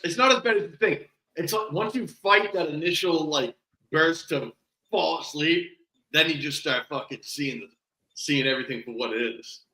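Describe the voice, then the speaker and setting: A man's voice: fairly high pitch, moderate pace, bright, forceful tone. A man co-hosting a podcast in casual chat, retelling events loosely with lots of "like" and quoting himself. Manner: loose, filler-heavy retelling, quotes himself. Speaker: podcast co-host. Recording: roomy echo.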